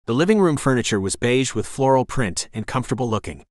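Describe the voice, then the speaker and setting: Steady male audiobook narrator, dry close sound. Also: medium pitch, quick pace, no echo. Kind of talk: scripted narration.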